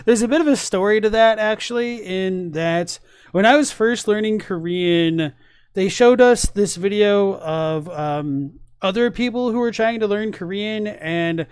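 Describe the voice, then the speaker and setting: Chatty high-voiced man reacting to videos. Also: measured pace, a little mellow, clear, resonant tone, no echo, clean studio sound. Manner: rambling, chatty, many fillers and asides. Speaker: streamer reacting to lore videos. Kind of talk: casual reaction commentary.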